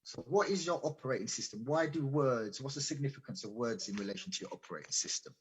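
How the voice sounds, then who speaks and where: A man's voice: medium pitch, quick pace, a little hiss or hum. A man giving an earnest, explanatory guest talk on a radio show, often repeating and restarting words. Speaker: invited guest speaker. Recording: dull lo-fi audio.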